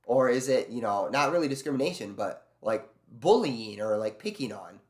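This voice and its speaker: A man's voice: medium pitch, sing-song, moderate pace, a little mellow. A man streaming live, ranting in casual chat with lots of swearing and sarcasm while answering his chat. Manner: ranting, profane, sarcastic storytelling; reads and answers chat messages aloud.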